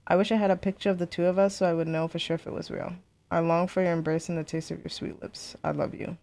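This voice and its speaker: A woman streamer playing a story game, reading letters aloud in a steady voice and breaking into chatty, excitable remarks. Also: lowish voice, fast talker, creaky. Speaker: let's play streamer.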